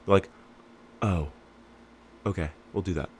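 Deep-voiced man giving rambling business advice. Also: a little fast, a bit bright. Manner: rambling, acts out customer dialogue. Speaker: lawn care business owner and coach. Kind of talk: casual advice monologue.

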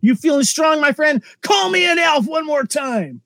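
A man voicing an angry, boastful, short-tempered man who threatens and shouts, quoted during a podcast chat. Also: extremely high pitch, animated, moderate pace, no room sound, clean studio sound, pitched above the performer's own voice, exaggerated voice. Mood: angry threatening. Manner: brash, shouting, menacing.

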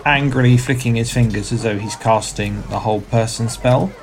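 A man's voice: medium pitch, moderate pace, rough recording. Wry man describing his tabletop turn. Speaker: player. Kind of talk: casual play at a tabletop game.

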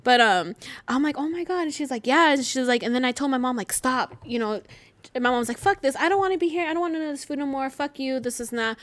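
Middle-aged woman guest, high voice, dry close sound, lively casual storyteller. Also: fast talker, dry recording. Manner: animated, swears, laughs through her story. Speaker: podcast guest.

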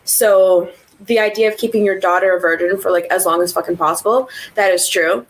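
A woman's voice: medium pitch, fairly even intonation, fairly quick, rough recording. A woman co-hosting a film review podcast, chatting casually, swearing freely and laughing often. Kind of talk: casual chat.

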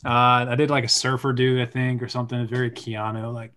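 A man's voice: mid-range voice, little pitch movement, brisk, few pauses, a bit bright. A man, an actor, co-hosting a casual podcast and talking loosely with many fillers. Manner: rambling, filler-heavy. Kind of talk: casual chat.

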